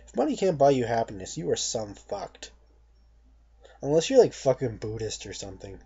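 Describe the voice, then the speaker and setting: A man's voice: mid-range voice, very animated, normal speed, warm tone, slightly rough. A young man delivering a blunt, profane, mocking rant to camera as a vlogger. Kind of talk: ranting monologue to camera. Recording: dull lo-fi recording.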